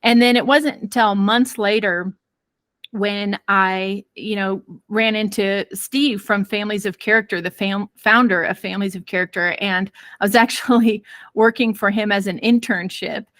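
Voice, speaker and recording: A woman parenting expert telling a personal story in an interview, lively and acting out quoted voices. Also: mid-range voice, moderate pace, dry recording. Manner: many fillers and restarts.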